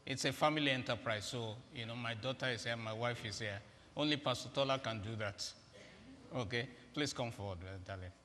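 A man's voice: medium pitch, fairly quick, bright, forceful tone. A man giving a humorous, interactive sermon, directing volunteers on stage in a large auditorium. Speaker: guest preacher. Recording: echoey hall with faint ambience.

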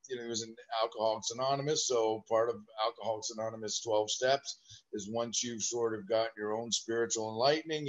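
A man's voice: mid-range voice, highs cut off. Rambling man telling family stories. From Southern California. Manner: rambling, animated anecdotes with restarts. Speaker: guest. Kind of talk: storytelling interview.

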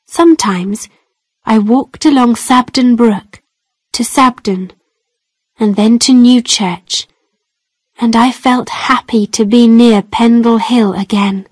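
A woman reads a storybook aloud in a slow, careful, clearly spaced way, made for learners. Her voice sits fairly high. The recording is close and dry, with no room sound. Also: darkish tone, dry recording. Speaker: narrator. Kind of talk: slow scripted storybook narration for English learners.

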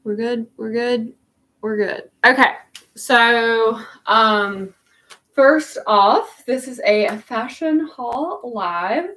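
A woman's voice: a little high, very slow, fairly bright tone, low-quality recording. A young woman hosting a fashion livestream, chatting casually and a bit scattered as she hunts for things for her viewers. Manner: scattered, talks to viewers while hunting for things. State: out of breath.

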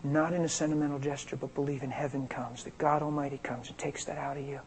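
An American man from Pennsylvania preaching an informal sermon on healing, energetic and conversational, swinging between loud and quiet. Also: fairly high pitch, quick pace, a little hiss or hum, low-quality recording. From Pennsylvania, USA. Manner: conversational, energetic, big swings in loudness, plays out dialogue.

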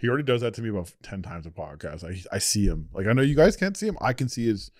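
A man co-hosting a podcast, talking in a loose, casual way. His voice sits a little low, and the sound is dry and close. He laughs a lot and stumbles into repeated words. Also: sing-song, quick pace, a little mellow, no echo. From Canada. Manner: laughs often, restarts with stammering repeats. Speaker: podcast co-host. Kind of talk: casual chat.

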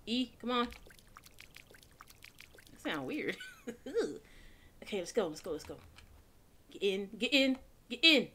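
A woman's voice: medium pitch, lively intonation, slow pace, pauses often, bright, forceful tone, a little hiss or hum. A young woman, playing a horror game and talking to herself, swearing and jumpy. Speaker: gaming channel host. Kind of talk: horror game let's play.

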